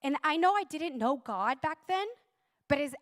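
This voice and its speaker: A woman telling a personal testimony with deep emotion. She is intense and slows down dramatically on the words she wants to stress. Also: lively intonation. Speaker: speaker giving a personal testimony.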